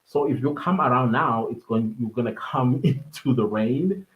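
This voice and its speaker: A man's voice: medium pitch, moderate pace, narrow, tinny audio. A man from South Africa with a South African accent, hosting a podcast live stream in a rambling, casual way, with many fillers and frequent chuckles.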